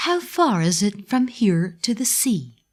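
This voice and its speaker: A woman voicing a young male wooden puppet boy who is tearful and eager, speaking in a high, pleading way. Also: sing-song, unhurried.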